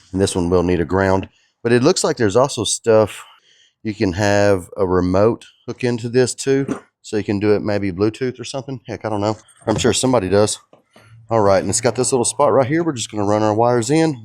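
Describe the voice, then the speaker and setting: A young man chatting casually in his shop vlog, laid-back and excited, tossing in "dude" and "man". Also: medium pitch, no echo, clean studio sound. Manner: laid-back and enthusiastic, drawling, calls viewers dude and man. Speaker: custom truck builder and vlogger.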